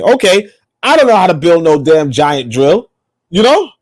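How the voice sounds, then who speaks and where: Fairly high-voiced guy, swearing and rambling on a podcast, dry close mic. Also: big pitch swings, normal speed, darkish tone, no echo. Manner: profane, rambling, emphatic. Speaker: podcast co-host. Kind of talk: casual opinionated chat.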